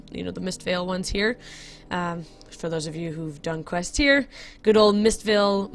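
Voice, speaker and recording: A woman's voice: medium pitch, a bit bright. Chatty woman giving game commentary. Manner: chatty, giggly, often correcting herself. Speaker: game video host. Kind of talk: casual gameplay commentary.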